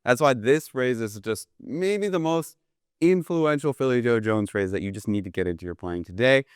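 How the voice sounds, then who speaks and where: A man runs a jazz drum lesson in a smooth, resonant voice, recorded close and dry. He talks casually and eagerly, tossing in "right?" between examples, with a drum kit played in the pauses. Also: mid-range voice, lively intonation, no room sound. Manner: casual, enthusiastic, keeps asking "right?". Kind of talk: instructional video lesson. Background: drum kit played between phrases.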